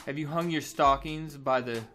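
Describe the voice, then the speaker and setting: A man's voice: a little high, steady tone, normal speed, pushed and bright, soft background music. Man reading a scornful mocking doctor. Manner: mocking, condescending.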